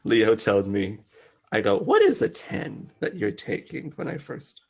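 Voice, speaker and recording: A man hosting a casual podcast chat, an animated storyteller who slips into playful impressions. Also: mid-range voice, a little slow, vocal fry, husky. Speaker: podcast host.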